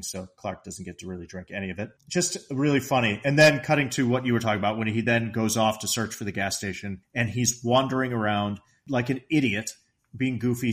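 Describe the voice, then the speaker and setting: A middle-aged man co-hosting a podcast, retelling movie scenes in an animated way and laughing often. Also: on the low side. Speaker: podcast co-host. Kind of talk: casual film discussion.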